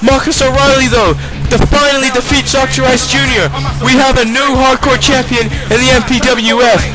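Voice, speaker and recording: Very high-voiced excited wrestling commentator. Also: male voice, moderate pace, over loud music, rough recording. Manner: shouting, repeating key calls. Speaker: play-by-play commentator.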